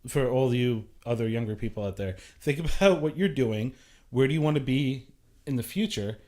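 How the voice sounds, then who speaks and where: A young man talking casually as a talk show guest, chatty and loose, full of "like" fillers and quick restarts. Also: medium pitch, expressive, darkish tone. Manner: chatty, many "like" fillers and restarts, laughs easily.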